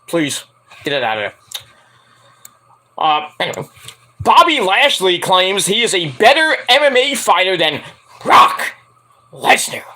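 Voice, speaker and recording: A man hosting a casual wrestling news stream, rambling, joking and swearing, his voice hoarse from hours of screaming. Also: high voice, sing-song, a little slow, pauses often, sharp tone. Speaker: stream host.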